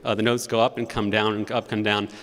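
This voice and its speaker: A man's voice: lowish voice, little pitch movement, fast talker, a bit bright. A man, the church organist, telling the congregation the story behind a new hymn in a chatty, storytelling way. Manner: chatty, storytelling, sings note syllables to demonstrate. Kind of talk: spoken introduction to a hymn at a concert. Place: large church sanctuary. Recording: long church reverb.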